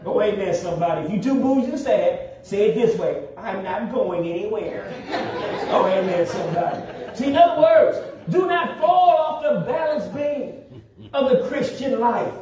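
A man preaching a sermon in a church, with call-and-response and drawn-out emphasis. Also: very high-pitched, expressive, mellow, a faint crowd. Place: church sanctuary. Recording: very echoey hall, distant mic.

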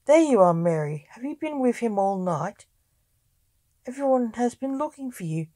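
A woman's voice: mid-range voice, steady tone, takes it slowly, warm tone, dry recording, lightly acted. A woman voicing a stern nobleman who insists on honour, reading firmly and accusingly in her own voice. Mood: insistent. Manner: firm, accusing storybook reading.

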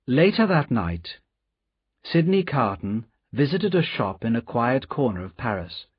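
A male audiobook narrator with a slow, measured delivery and a slightly husky voice, his pitch moving a good deal. The recording is dry and somewhat dull. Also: big pitch swings, dry recording. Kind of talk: scripted narration.

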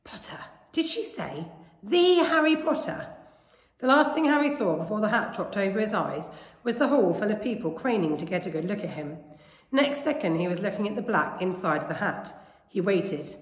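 Woman teacher, expressive read-aloud storytelling; echoey room with long reverb. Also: mid-range voice, a little fast. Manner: expressive storytelling, lively name calls. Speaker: primary school teacher. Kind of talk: reading a children's novel aloud.

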